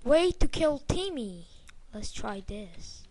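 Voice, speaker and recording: A woman with a high voice narrates her gameplay in an excitable, unpolished way. She talks at an unhurried pace, swearing and cheering herself on as she plays. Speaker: gameplay commentator. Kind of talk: let's play commentary.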